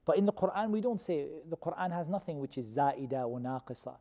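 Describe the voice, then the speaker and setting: A man teaching a Quran commentary class, who questions his students and repeats key terms slowly. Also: on the high side, animated, dark tone. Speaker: religious teacher. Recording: long reverb of a hall.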